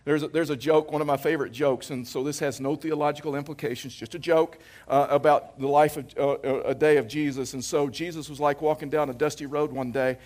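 A man's voice: on the high side, steady tone, a little fast, hardly any pauses, darkish tone. A man in his fifties preaching a sermon as pastor, casual and anecdotal, repeating phrases for emphasis. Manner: conversational, anecdotal preaching with jokes.

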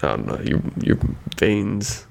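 Gravelly, hesitant man chatting. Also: on the low side, sing-song, a little slow, a little mellow, a little hiss or hum. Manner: hesitant, many restarts and "I don't know". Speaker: podcast co-host. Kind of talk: casual chat.

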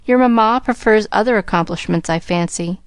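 A woman's voice: medium pitch, fairly quick, clear, resonant tone, no room sound, studio quality, natural voice. A woman voicing a condescending young English lady in a storybook reading, with a patronizing, haughty manner.

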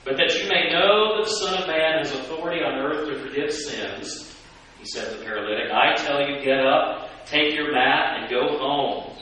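A man preaching a sermon and asking the congregation questions, lively and animated. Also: on the high side, normal speed. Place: church sanctuary. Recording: echoey church from a distance with hiss.

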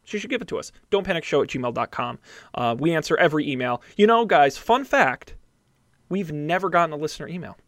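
A man's voice: a little high, animated, fast, fairly bright tone, no echo, clean studio sound. A man hosting a podcast, wrapping up with an upbeat, chatty recommendation full of fillers and restarts. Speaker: podcast host. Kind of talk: casual podcast chat.

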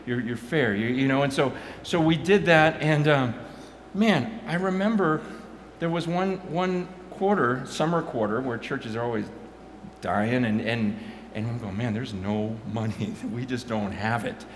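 A pastor telling animated stories, swinging from quiet asides to loud bursts and repeating his words as he goes. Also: medium pitch, reverberant, a little hiss or hum. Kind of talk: animated storytelling talk.

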